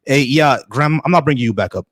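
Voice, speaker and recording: Male call-in debate host, blunt, stammers and restarts, mid pitch, dry close mic. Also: a bit bright, slightly rough, no echo. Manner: blunt, repeats himself, halting restarts.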